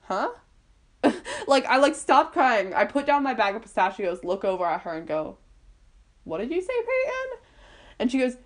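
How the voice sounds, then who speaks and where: A teenage girl chats through a story at home, giggling often and leaning on "like" and "um" as she goes. Her pitch jumps around a lot, from low mutters to high squeaks when she quotes people. It sounds like an amateur home recording. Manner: chatty, giggly, full of "like" and "um". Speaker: vlogger. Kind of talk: casual storytelling.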